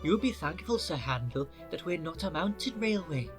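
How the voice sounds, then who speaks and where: A man's voice: fairly high pitch, animated, moderate pace, over music, close to an everyday voice. A man voicing a sly, good-natured old male engine with a teasing, firm manner.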